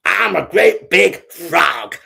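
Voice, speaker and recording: Bloke putting on a big-headed bully frog, slow and raised up a bit, gravelly. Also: male voice, on the high side, expressive, sharp tone, voice pushed up, heavily acted. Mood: boastful. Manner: slow, puffed-up bragging. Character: boastful bullying male frog.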